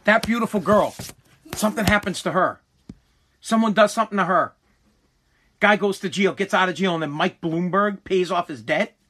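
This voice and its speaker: A man's voice: high voice, normal speed, long pauses, fairly bright tone, a little hiss or hum. A man hosting a podcast, ranting heatedly with profanity and frequent restarts. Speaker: podcast host. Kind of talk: ranting political commentary.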